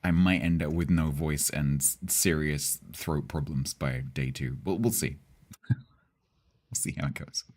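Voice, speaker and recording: Brief: game streamer, male, Southeast English accent, very low voice, chatty and rambling, reads chat aloud. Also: fairly even intonation, measured pace, a little mellow. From Southeast England. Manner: rambling, chatty, with hesitations and laughs. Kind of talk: casual live-stream chat with viewers.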